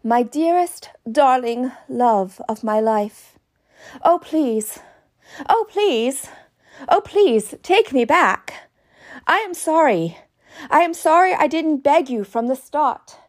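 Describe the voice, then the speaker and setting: A woman's voice: sits high, lively intonation, takes it slowly. A woman playing a heartbroken, overwrought woman who begs her ex to take her back, pleading over and over. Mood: desperate pleading. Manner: pleading, overwrought, repetitive begging.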